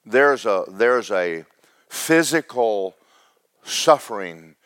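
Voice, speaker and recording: A man, pastor of a church, preaching a sermon with big swings between loud, fervent highs and low, joking asides to the congregation. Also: lively intonation, slow pace, dry recording. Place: church sanctuary.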